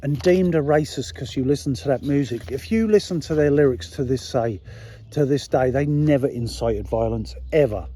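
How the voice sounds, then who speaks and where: At a moderate pace and in a warm, medium-pitched voice, a middle-aged political commentary vlogger from England gives a casual ranting monologue. It is blunt, indignant, full of swearing, and crowded with rhetorical questions aimed at his viewers.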